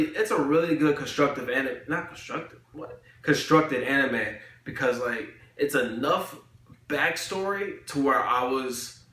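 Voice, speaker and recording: Rambling slangy young man, bright voice. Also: medium pitch. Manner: rambling, slangy, filler-heavy. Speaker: anime reviewer. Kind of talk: casual chat. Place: room, recording a video. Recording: echoey room.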